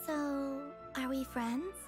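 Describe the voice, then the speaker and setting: An actress voicing a gentle, dreamy and naive young woman in a video game who speaks softly and innocently. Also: sits high, steady tone, slow pace. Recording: game audio over music.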